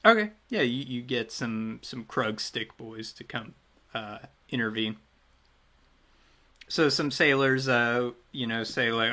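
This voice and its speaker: Male game master, tabletop campaign; slow, casual, bright voice, chatty and meandering. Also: mid-range voice. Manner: loose and chatty, trailing off and restarting.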